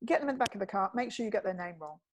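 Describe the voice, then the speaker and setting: A woman's voice: animated, rapid-fire, slight background noise. A woman and TV producer, telling stories with wit and acting out the quoted voices. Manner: witty, acts out quoted voices with big pitch jumps. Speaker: guest, TV producer and speaker. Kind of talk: animated storytelling in conversation.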